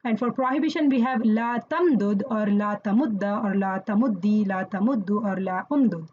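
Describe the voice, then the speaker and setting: A woman's voice: mid-range voice, moderate pace, dull audio, a little hiss or hum. A woman teaching Quranic Arabic grammar in an online lesson, explaining patiently and checking in with listeners as she goes.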